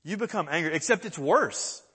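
A man preaching a sermon, earnest and animated, acting out the pleas he quotes. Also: a little high, a little fast, slightly rough. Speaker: pastor. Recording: long church reverb.

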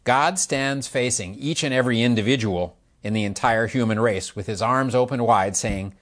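An older man preaching a sermon, explaining slowly and asking the listeners questions as he illustrates with his hands. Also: medium pitch, a bit bright.

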